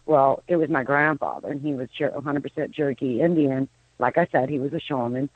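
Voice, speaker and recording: Brisk and bass-voiced, a fifties-aged woman guests on a radio phone-in as a psychic medium, telling meandering stories with frequent restarts. She speaks over a telephone. The recording is dry and sounds like a tinny phone line.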